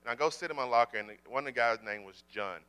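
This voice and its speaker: A man in full-time ministry telling a personal faith story in a casual, animated way, often repeating words. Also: mid-range voice, fast talker, smooth.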